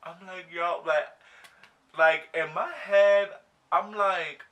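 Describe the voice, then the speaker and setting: A young man telling a breakup storytime while getting ready, animated and slangy, acting out his own reactions. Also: high-pitched, slow, distant mic, highs cut off. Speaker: vlogger.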